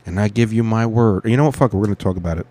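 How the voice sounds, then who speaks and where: A man's voice: on the low side, rapid-fire, dark tone. A man hosting a podcast, rambling in casual, profane commentary and getting easily sidetracked. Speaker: podcast host.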